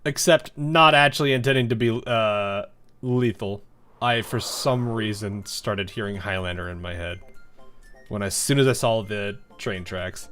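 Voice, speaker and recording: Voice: mid-range voice, unhurried, faint music behind. A game streamer reading story dialogue aloud with casual commentary, laughing often. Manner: laughs often, reads story lines in an animated way.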